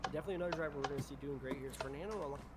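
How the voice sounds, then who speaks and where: A man's voice: on the high side, very fast, a crowd in the background, poor audio. A man streaming a game, chatting casually and rambling, leaning on "definitely" over and over. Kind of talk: casual chat while gaming.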